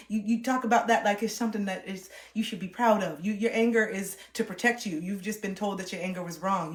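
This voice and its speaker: A woman livestreamer ranting in a blunt, profane, confrontational way. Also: medium pitch. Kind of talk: livestream rant. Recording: roomy echo.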